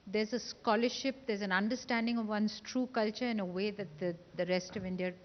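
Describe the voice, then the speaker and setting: A woman panelist speaking in a measured, thoughtful, slightly hesitant way. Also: medium pitch, steady tone, long reverb tail, dull audio.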